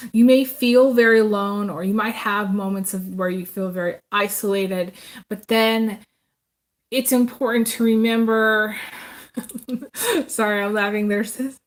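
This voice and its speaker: A woman giving a casual live tarot reading, rambling and chatty, with many pauses and restarts. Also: fairly high pitch. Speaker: tarot reader.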